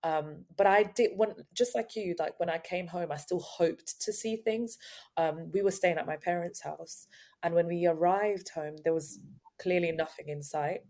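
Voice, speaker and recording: Low-voiced woman, halting talk. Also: dark tone. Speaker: podcast co-host. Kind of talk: casual chat.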